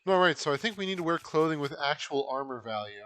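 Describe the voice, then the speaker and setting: A man's voice: fairly high pitch, expressive, fast, fairly bright tone, no echo. A man giving casual, wry live commentary to his chat while playing a game. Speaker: game streamer.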